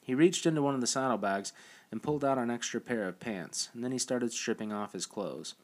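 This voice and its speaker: A man reading a novel aloud as audiobook narration, with a steady, even delivery. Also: mid-range voice, brisk.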